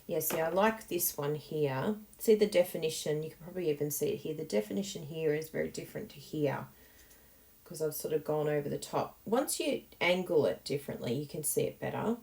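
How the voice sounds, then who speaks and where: A woman's voice: low voice, expressive, a little fast, gravelly, darkish tone. A woman hosting a card-making tutorial, chatting encouragingly and thinking aloud as she works. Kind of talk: casual tutorial talk while crafting.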